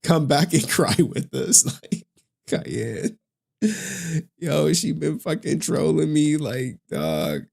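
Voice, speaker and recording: A man's voice: on the high side, expressive, slow pace, gravelly, a little mellow. A man in his forties hosting a casual livestream, swearing often, laughing through his words and getting emotional. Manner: profane, laughing, emotional, slangy. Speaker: livestream host.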